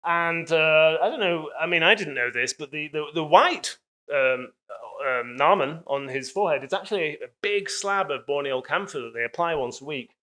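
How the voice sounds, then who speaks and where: A man's voice: on the high side, lively intonation, normal speed, pushed and bright. A man giving a public lecture, telling stories in an enthusiastic, chatty way with frequent fillers.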